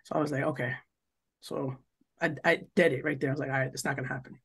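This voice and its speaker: Husky rambling young man telling stories. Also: medium pitch, fairly even intonation, fast talker, a bit bright. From New Jersey. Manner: rambling, profane, full of "like" and "yo", acts out quoted lines. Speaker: podcast co-host. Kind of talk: casual storytelling chat.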